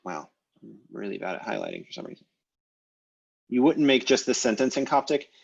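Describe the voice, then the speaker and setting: A man teaching a language class over a video call, explaining grammar in a relaxed way with many fillers and restarts. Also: mid-range voice, brisk, creaky, breathy edge, highs cut off. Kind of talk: online class lecture.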